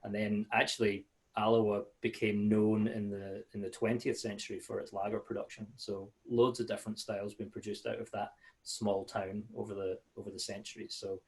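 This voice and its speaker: Man, low voice, friendly chatty webinar talk, video call, frequent fillers. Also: level tone, moderate pace. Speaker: malt sales manager giving a webinar. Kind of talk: casual webinar presentation.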